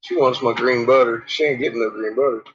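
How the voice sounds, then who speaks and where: A man's voice: mid-range voice, steady tone, fairly quick, fairly bright tone. A man chatting casually while he cooks in his home kitchen, swearing freely and scolding his dogs. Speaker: vlogger. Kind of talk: casual chat while cooking. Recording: dull lo-fi sound with clear background noise.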